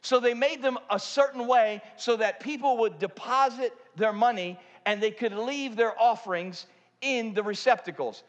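A man with a high voice preaches a sermon, turning from loud and pressing to low and hushed. His voice carries a long reverb from a large church auditorium. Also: moderate pace. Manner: dramatic, swings from loud to hushed. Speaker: pastor.

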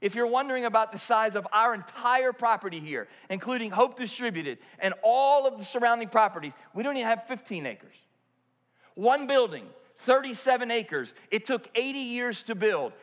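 Man, pastor, sermon, high voice, dramatic, loud then hushed, long hall reverb. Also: animated, normal speed, lo-fi sound.

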